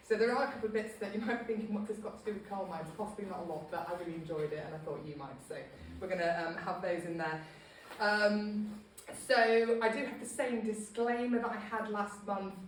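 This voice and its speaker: Recorded from a distance in an echoey room, a woman with a medium-pitched voice chats through an informal local history talk for a small group. She's self-deprecating and says um a lot, and there's slight background noise.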